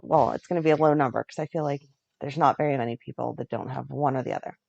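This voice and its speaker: A woman's voice: extremely low pitch, fast, gravelly, a little mellow, dull audio. Wry, laid-back woman podcast co-host. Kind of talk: casual chat.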